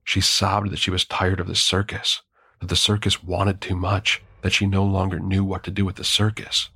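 A man narrating a horror story in a measured, grim first-person telling. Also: low-pitched, monotone, vocal fry, sharp tone, breathy edge, no echo, studio quality.

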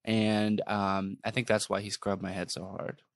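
A man co-hosting an improvised comedy podcast, telling absurd stories in a deadpan way. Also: a little slow, smooth, no echo. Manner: deadpan storytelling, bursts into high sung verses.

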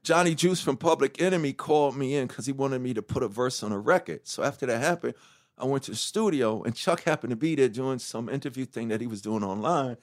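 A middle-aged man, a rapper as interview guest, telling his story candidly with profanity, restarts and acted-out quotes of other people. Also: medium pitch. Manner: animated, profane, acts out quoted dialogue; halting restarts and self-corrections.

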